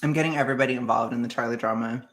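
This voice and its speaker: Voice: mid-range voice, steady tone, very fast, fairly bright tone. Rambling streamer chatting with chat. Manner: rambling, chatty, laughs often. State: anxious, jittery. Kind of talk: casual livestream chat with viewers.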